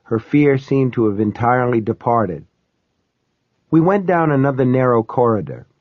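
A man reading a first-person story aloud as an audiobook narrator, in a steady, measured storytelling manner. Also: medium pitch, no echo. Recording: dull, slightly lo-fi dry recording.

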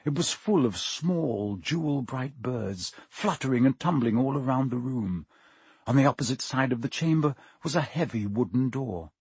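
A man narrating an audiobook with expressive, dramatic pacing. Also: medium pitch, normal speed, breathy edge, no echo. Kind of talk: audiobook reading.

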